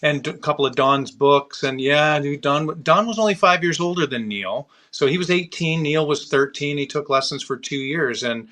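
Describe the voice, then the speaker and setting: A bright, forward-sounding man from Canada hosts a casual livestream chat. His pitch sits a little high, and he tells his stories in loose, broken fragments. He speaks over a video call mic. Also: moderate pace, few pauses. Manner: loose anecdotes told in fragments. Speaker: host.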